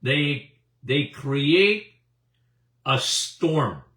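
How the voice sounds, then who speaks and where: This doctor in his seventies has a mid-range, expressive voice, drawing out words in a bright, forceful tone. He hosts an animated health talk to an audience, speaking emphatically with repetitions and chuckles. The sound is roomy, from a distant mic.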